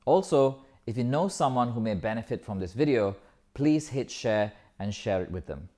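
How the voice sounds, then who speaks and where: A man's voice: medium pitch, animated, normal speed, warm tone. A man giving a talk as a yoga teacher, emphatic, building rhythmic lists and swearing casually. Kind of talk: live motivational talk. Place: yoga festival talk, indoors.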